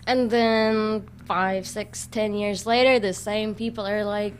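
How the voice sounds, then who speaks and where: A woman guest on an internet radio show, chatting casually and telling stories with quick, dry wisecracks. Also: mid-range voice, steady tone, a little hiss or hum.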